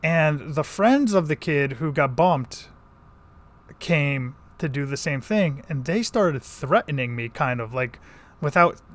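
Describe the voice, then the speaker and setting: A man from the Connecticut countryside telling a long story in a casual vlog, rambling with many restarts and fillers. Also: mid-range voice. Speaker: vlogger.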